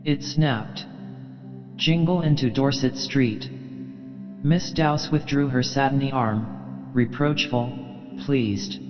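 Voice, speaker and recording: A man narrating an audiobook in a slow, measured reading. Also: medium pitch, muffled recording. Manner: measured, unhurried reading with long pauses. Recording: long reverb with faint music.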